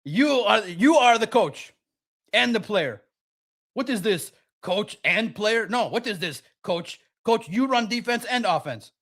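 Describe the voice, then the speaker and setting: A man's voice: high voice, expressive, a little slow, a bit bright, voice pushed up, heavily acted. A man voicing a stingy, penny-pinching male football general manager who haggles and fires off indignant questions. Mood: incredulous.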